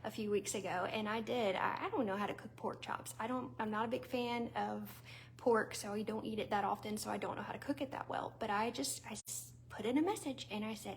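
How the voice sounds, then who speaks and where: A woman's voice: on the high side, brisk, gravelly, a little hiss or hum. A woman with a Southern US accent talking casually to viewers, chatty and conversational, with fillers and little laughs. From Southern United States. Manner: talks straight to viewers. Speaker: vlogger and small business owner. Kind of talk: casual talk to camera.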